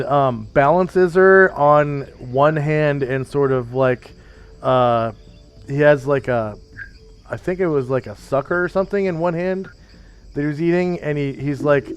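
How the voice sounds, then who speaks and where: A game master running a tabletop game tells a long story loosely, with many fillers, and explains the rules in casual chat. His voice is mid-range and smooth.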